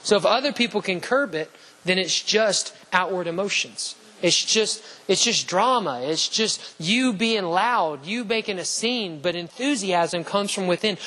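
A man preaching a sermon with passion, using repeated rhetorical lines and rising toward shouts on key phrases. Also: high voice, lively intonation, unhurried, poor audio. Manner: repetitive rhetorical lists and questions.

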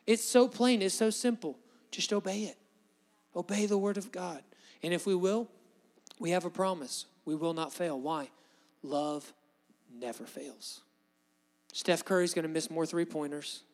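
A man preaches with passion, his voice pitched a little high. He swells loud for emphasis and then drops low. The sound carries a long reverb, as in a large hall. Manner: impassioned, rises and drops in volume for emphasis. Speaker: pastor. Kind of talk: sermon.

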